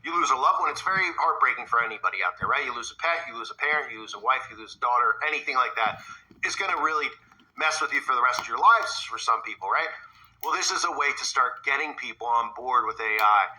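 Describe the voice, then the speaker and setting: A man's voice: mid-range voice, lively intonation, fast, bright, forceful tone, rough recording. A man delivering an emphatic commentary monologue, often asking his audience "right?". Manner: emphatic, rhetorical, asks "right?". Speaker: online commentator.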